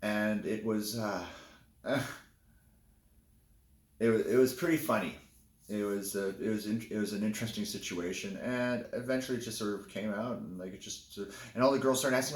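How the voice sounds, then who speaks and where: A man's voice: on the low side, normal speed, echoey room. A man telling a candid personal story in a casual, rambling way, often restarting his sentences. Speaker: vlogger.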